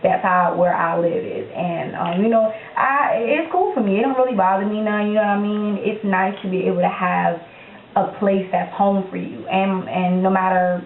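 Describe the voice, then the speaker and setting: A woman's voice: medium pitch, normal speed. A young woman from Florida with a Florida accent, talking bluntly and sassily to her viewers in a casual Q&A vlog, filmed on a handheld camera at home. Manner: blunt and sassy, speaks directly to viewers. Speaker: vlogger. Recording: echoey room, tinny phone-like sound.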